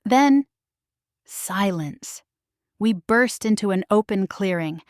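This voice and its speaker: Slow, dry-voiced woman narrator. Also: mid-range voice, expressive, a little mellow, no room sound. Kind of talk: first-person romance story narration.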